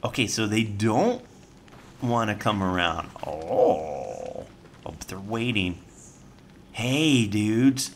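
A man giving jokey, chatty commentary on the game he is playing, breaking into sudden high-pitched panicked yelps. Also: expressive, takes it slowly, fairly bright tone, faint music behind. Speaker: gameplay host. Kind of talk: let's play commentary.

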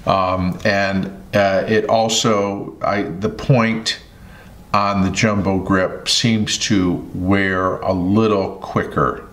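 A man hosting a pencil review vlog, talking in an unhurried, thoughtful way with many pauses and fillers. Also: deep voice, fairly even intonation, fairly bright tone, roomy sound. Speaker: host.

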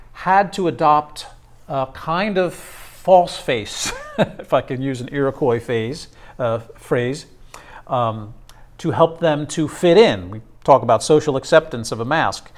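A male instructor giving a classroom lecture, talking haltingly with many fillers and restarts. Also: mid-range voice.

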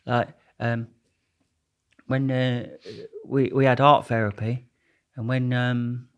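A man's voice: mid-range voice, level tone, slow, clean tone. Rambling jokey man. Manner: rambling, jokey, restarts a lot. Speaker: guest. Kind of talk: casual storytelling interview.

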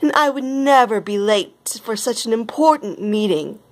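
A woman's voice: on the high side, animated, moderate pace, pitched above the performer's own voice. A woman voicing a vain, jealous young rival model with a smug, sulky manner in a read-aloud storybook.

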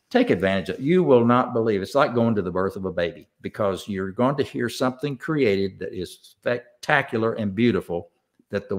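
An older man speaks with a warm East Tennessee drawl, his voice sitting a bit low. He takes his time, reflecting thoughtfully as a guest in a relaxed interview. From Southern United States. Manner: slow, reflective storytelling. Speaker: guest songwriter. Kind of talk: casual interview.

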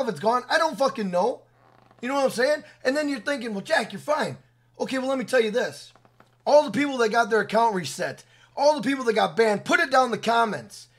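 High-voiced man ranting angrily. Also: a bit bright. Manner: profane, heated, repetitive, blunt. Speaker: gaming video creator. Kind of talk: angry rant to camera.

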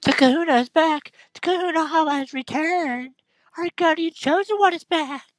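A man voicing an excited game villager in a high, sing-song voice. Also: moderate pace, a little hiss or hum.

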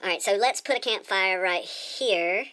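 A woman's voice: mid-range voice, measured pace, pushed and bright, a little hiss or hum. A woman giving casual let's-play commentary as she plays, chatty and rambling, often repeating her words. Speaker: gamer.

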